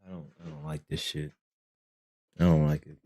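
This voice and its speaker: A man hosting a live stream reacts to a song with profane, exasperated commentary, repeating himself and swinging between loud outbursts and low muttering. His pitch barely moves, and his pace is moderate.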